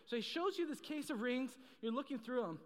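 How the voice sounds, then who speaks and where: A brisk sermon comes from a young man with a high voice, his words ringing through a big hall with long reverb. He's loose and lively, cracking jokes, spinning stories and calling out to the congregation.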